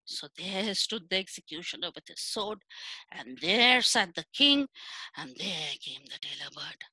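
Animated woman telling a children's story. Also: fairly low pitch, husky, no room sound, low-quality recording. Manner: animated, dramatic, drawn-out phrasing.

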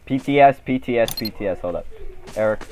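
A man's voice: medium pitch, brisk, a little mellow. A young man commanding his squad in game role-play, taking charge and telling everyone to hold up. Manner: takes charge, repeats "hold up". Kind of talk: casual game role-play over voice chat.

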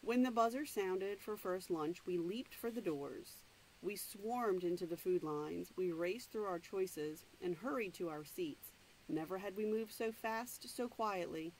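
A woman's voice: on the low side, a little mellow, a little hiss or hum, poor audio. A woman reading a novel aloud, stopping now and then to explain the story in her own words. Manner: plain, unhurried read-aloud narration with asides. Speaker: reader.

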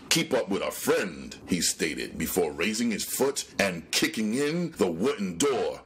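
A man narrating a crime novel as an audiobook in a dramatic, lively storytelling manner. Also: fairly low pitch, slight background noise. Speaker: audiobook reader.

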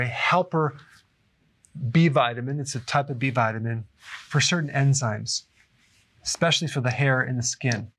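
A man's voice: mid-range voice, a bit bright. A middle-aged man giving a casual health explainer to camera, chatty and often checking in with "okay?". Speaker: health educator.

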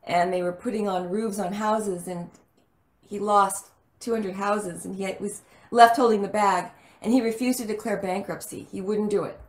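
A woman's voice: mid-range voice, normal speed. Chatty woman guest in an echoey room. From El Paso, Texas. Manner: chatty, animated storyteller. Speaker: actress guest. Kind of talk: casual interview storytelling.

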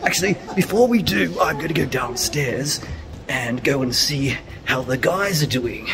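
Chatty comic host with a gravelly voice. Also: male voice, medium pitch, lively intonation, moderate pace, noisy background. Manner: chatty, teasing interviewer. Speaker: host of backstage webisodes. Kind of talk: playful backstage vlog hosting. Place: theatre backstage and dressing rooms.

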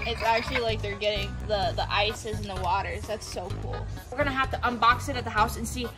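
A woman's voice: mid-range voice, fairly quick, music in the background. A woman vlogging playfully with her toy llamas, talking to them in a bubbly, sing-song way. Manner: bubbly, sing-song, talks to toys in baby talk. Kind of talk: playful kids' toy vlog narration.

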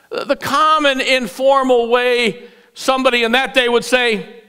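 A male pastor preaching an Easter sermon, telling a story with lively delivery and playful acted-out voices. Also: very high-pitched, moderate pace, clean tone. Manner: animated storyteller, acts out voices. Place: church sanctuary.

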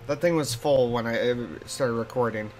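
A man's voice: mid-range voice, moderate pace, a little hiss or hum. A man casually commenting on his own card game play in a bedroom, thinking aloud, laughing often, his voice and accent shifting. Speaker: streamer. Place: hot bedroom.

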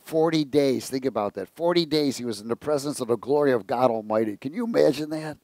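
A man's voice: mid-range voice, fairly quick, a little mellow, dry recording. A man preaching a conversational sermon, telling jokes and asking the congregation questions. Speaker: pastor.

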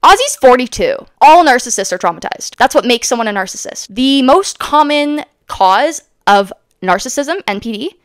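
A woman in her twenties from Canada, giving casual, animated commentary on a reality show and acting out what the cast said. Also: high-pitched, moderate pace, hardly any pauses, dry recording. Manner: animated, acts out the cast's quotes, swears. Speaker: commentary YouTuber.

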